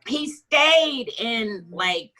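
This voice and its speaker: A woman co-hosting a casual book club chat, animated and chatty, with quick asides and the odd swear. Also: on the high side, poor audio.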